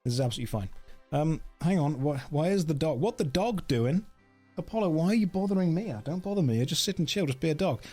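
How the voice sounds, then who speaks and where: Lively, rambling man livestreaming a game. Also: on the high side, a little fast, faint music behind. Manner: rambling, jokey, reads chat aloud. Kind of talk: casual livestream chat.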